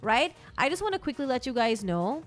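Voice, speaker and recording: A woman's voice: high-pitched, big pitch swings, fast talker. Bubbly woman co-hosting morning radio. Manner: bubbly, chatty, laughs often. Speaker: radio co-host. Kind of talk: casual morning radio chat.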